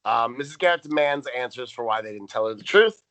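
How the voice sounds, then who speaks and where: A man's voice: mid-range voice, lively intonation, quick pace, fairly bright tone. A young man co-hosting a casual podcast recap, sarcastic and swearing as he reads out plot notes. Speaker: podcast co-host.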